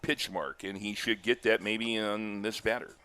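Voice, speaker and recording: An older man doing live baseball play-by-play, chatty and telling stories between pitches, lifting his voice on big plays. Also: fairly even intonation, measured pace, pushed and bright, smooth. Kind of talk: live baseball commentary with chat.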